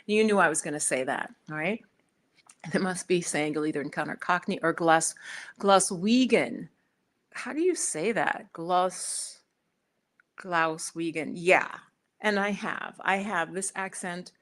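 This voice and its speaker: A woman's voice: lowish voice, moderate pace. A woman hosting a spiritual talk, chatting casually with live viewers and acting out little conversations as she tells a story. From United States. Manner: chatty and animated, acts out quoted exchanges. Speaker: spiritual video host.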